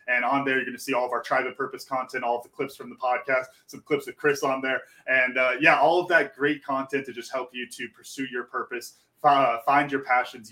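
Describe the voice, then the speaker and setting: A man's voice: medium pitch, bright, forceful tone. A man who coaches people on finding their purpose, talking earnestly and encouragingly as a podcast guest. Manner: earnest, encouraging, many fillers. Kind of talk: casual interview chat.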